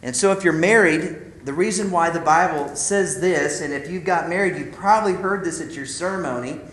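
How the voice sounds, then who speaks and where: A man's voice: a little high, normal speed, a bit bright, echoey room, low-quality recording. A man telling a personal story in a sermon-like talk, speaking straight to the men as "guys" in a casual, conversational way. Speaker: speaker at a men's ministry.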